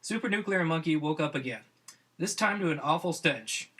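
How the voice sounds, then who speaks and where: A man's voice: fairly high pitch, lively intonation, normal speed, bright, forceful tone. A man narrating a comic adventure story on a podcast, often amused by his own tale.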